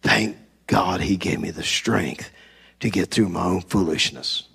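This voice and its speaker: A man pastor preaching a sermon, telling a personal story with animated delivery and acting out conversations. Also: deep voice, unhurried, creaky, husky. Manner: animated, acts out conversations, laughs at himself. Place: church sanctuary.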